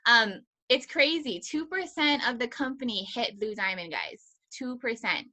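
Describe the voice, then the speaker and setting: A woman from Hawaii hosting a team video call, excitedly introducing a guest and laughing easily. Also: fairly high pitch, measured pace.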